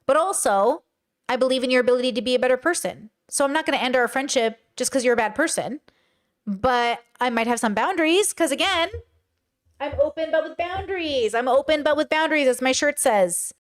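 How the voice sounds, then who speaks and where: A young adult woman hosting a casual livestream commentary, blunt and animated, now and then slipping into silly voices and sung bits. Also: sits high, fairly quick. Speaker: podcast host and live streamer.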